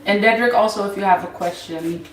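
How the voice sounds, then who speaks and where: A woman hosting a casual tarot livestream, reading viewers' names from the chat and answering them in an unhurried way. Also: mid-range voice, reverberant, distant mic, poor audio. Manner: unhurried, reads chat names aloud, laughs easily.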